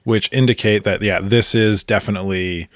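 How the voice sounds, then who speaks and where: A man co-hosting a podcast, calmly explaining his own take on a character. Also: lowish voice, moderate pace, dry recording. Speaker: podcast co-host. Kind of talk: casual film review chat.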